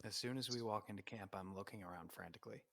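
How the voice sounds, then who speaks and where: A man's voice: fairly low pitch, quick pace, vocal fry, fairly bright tone, no room sound. A man playing a tabletop game, describing his character in an earnest, emotive way. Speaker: player. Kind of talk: tabletop game role-play.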